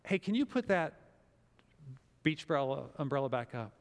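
A man preaching a sermon as pastor, telling a story with lively acted-out quotes. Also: fairly high pitch, normal speed, long reverb tail.

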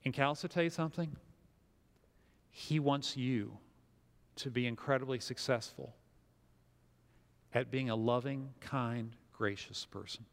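A man preaching a sermon as pastor, telling a story with lively acted-out quotes. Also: mid-range voice, unhurried, gravelly, long pauses, in a large hall.

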